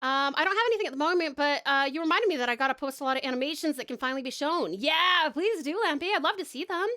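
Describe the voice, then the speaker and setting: A woman's voice: sits high, fast talker, pushed and bright. A woman streamer from Australia with an Australian accent, chatting with viewers in a casual way, laughing often and trailing off mid-thought. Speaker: streamer and voice actor. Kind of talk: casual chat reading viewer messages.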